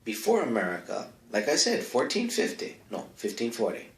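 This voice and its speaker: A man's voice: on the low side, huge pitch swings, brisk, vocal fry. A man hosting a comedic advice segment, talking in a rambling, offhand way full of asides, close to the mic in a small home studio. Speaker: comedic advice-column host. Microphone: close microphone. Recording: echoey bare room.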